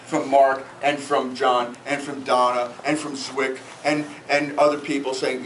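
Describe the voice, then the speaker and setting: A man's voice: mid-range voice, normal speed, hardly any pauses. A middle-aged man from New Jersey giving a self-deprecating roast speech to friends at an event. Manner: joking, self-deprecating storytelling. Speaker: roast speaker. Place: event room with guests. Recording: echoey room from far off, noisy.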